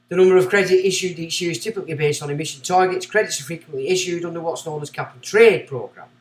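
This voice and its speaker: A man with a somewhat high voice hosts a livestream, reading text aloud and cutting in with scornful, sarcastic remarks. He sits back from the mic, and his voice carries around a roomy space. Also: fairly bright tone, distant mic. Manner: scornful, sarcastic asides between read passages. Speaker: livestream host. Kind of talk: ranting commentary while reading aloud.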